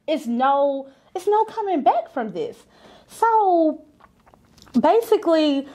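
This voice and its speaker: A young adult woman who owns a business tells a personal story in a candid, conversational way with a high-pitched voice. She acts out the voices of the people she quotes.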